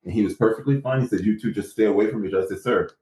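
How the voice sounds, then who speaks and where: A man's voice: on the low side, very fast, echoey room, poor audio. A man guest in a casual interview, telling his story with animation and acting out what others said. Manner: animated, acts out quotes from others.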